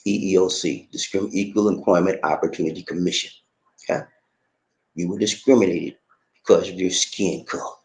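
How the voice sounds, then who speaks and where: A man's voice: low voice, fairly even intonation, moderate pace, a little mellow. A middle-aged man giving an emphatic, repetitive monologue, talking straight to his viewers and calling them man. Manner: emphatic, repetitive, keeps addressing listener as man. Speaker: online commentator. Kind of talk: casual preachy monologue. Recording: roomy echo.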